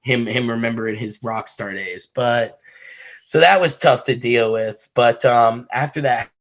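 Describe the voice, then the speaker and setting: A man's voice: medium pitch, a little slow. Profane storytelling man from Connecticut. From Connecticut, USA. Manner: profane, animated, laughs through his story. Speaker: podcast host. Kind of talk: casual storytelling.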